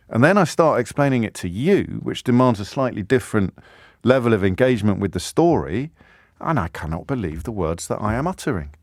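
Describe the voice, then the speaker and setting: In a clean, echo-free recording from a radio studio mic, a host in his fifties delivers an impassioned phone-in monologue, sarcastic and indignant, building toward anger. His voice is mid-range.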